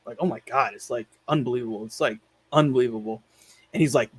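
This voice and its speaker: A laid-back man in casual conversation, his voice sitting at an ordinary middle pitch. He rambles through scenes with plenty of "like" and the odd curse word, easygoing and unpolished. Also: quick pace, slightly rough. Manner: rambling retelling, peppered with "like". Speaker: podcast host reviewing films. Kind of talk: casual chat.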